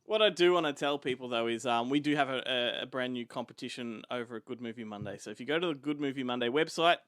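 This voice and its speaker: A man co-hosting a casual movie podcast chat, relaxed and laughing easily, with plenty of ums and uhs. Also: medium pitch, quick pace, dry recording. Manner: relaxed, laughs often, hesitant with fillers. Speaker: podcast co-host.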